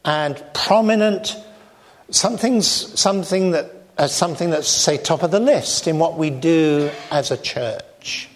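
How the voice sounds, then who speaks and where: Male preacher, slightly high voice, slow deliberate sermon delivery. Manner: measured, emphatic, slows for key phrases.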